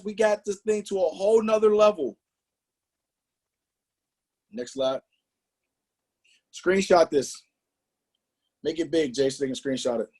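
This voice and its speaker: A man leading a motivational sales training, emphatic and animated, throwing out rhetorical questions and slang. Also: high-pitched. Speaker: business trainer presenting to a team.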